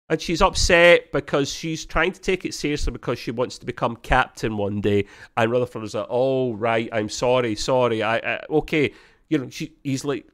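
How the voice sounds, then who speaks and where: A man co-hosting a casual review podcast, rambling with many ums and acting out quotes in high voices. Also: moderate pace, fairly bright tone. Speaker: podcast co-host.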